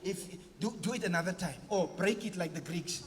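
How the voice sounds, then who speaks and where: A pastor preaches with a very high, piping voice, asking his congregation for agreement and acting out everyday family scenes. The sound rings with the long reverb of a large church hall. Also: brisk. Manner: preaching with call-and-response questions to the congregation; acts out scenes with playful mimicked voices and sound effects. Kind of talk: sermon.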